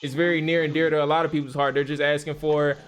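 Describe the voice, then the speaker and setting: A man hosting a live-streamed podcast, relaxed and filler-heavy as he passes along chat questions. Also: on the high side, quick pace. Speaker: podcast host.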